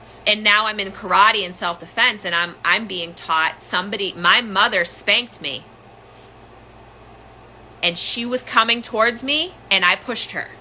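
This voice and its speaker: A woman's voice: mid-range voice, a little slow, pushed and bright, a little hiss or hum, rough recording. A woman hosting a podcast, telling a personal story in an urgent, candid way with many restarts. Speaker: podcast host telling her own story.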